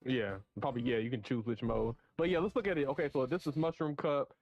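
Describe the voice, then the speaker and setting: A man co-hosting a casual gaming podcast, excitedly reading out race tracks and laughing along. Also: medium pitch, fast, lo-fi sound. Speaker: podcast co-host.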